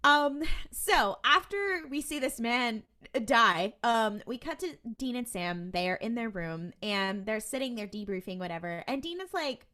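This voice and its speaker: A woman's voice: fairly high pitch, a little slow. A woman co-hosting a podcast, recapping a TV episode in casual chat and acting out the characters' lines. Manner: animated storytelling with quoted voices and laughs. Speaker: podcast co-host.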